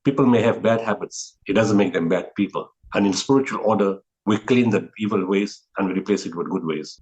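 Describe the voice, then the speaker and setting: A man's voice: fairly low pitch, darkish tone, rough recording. A man as an interview guest, earnestly recounting a spiritual teaching with frequent restarts and repeated words. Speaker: guest, humanitarian relief founder.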